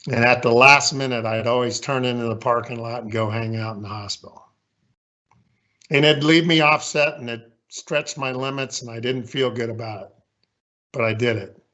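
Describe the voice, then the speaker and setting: A man's voice: medium pitch, steady tone, moderate pace, sharp tone, muffled recording. A man in his sixties giving a candid, folksy, self-deprecating leadership talk with slides as a guest speaker.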